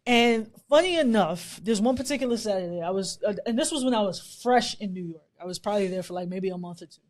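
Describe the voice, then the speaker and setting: Brief: woman from Bermuda, podcast co-host, casual storytelling, lively and laughing, mid-pitched voice. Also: quick pace. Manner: animated, laughing, swearing freely.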